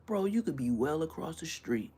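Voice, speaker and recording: A man's voice: on the high side, moderate pace, breathy edge. A man as a brash Florida YouTuber, casual foul-mouthed rant, voice leaping up and down. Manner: animated, brash, swearing, mimics others' voices.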